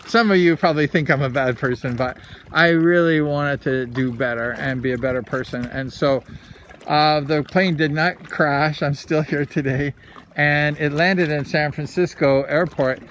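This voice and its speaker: A man's voice: a little high, a bit bright, a little hiss or hum. Rambling man telling a personal story. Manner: rambling, heavy on "like" fillers. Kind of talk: casual first-person storytelling.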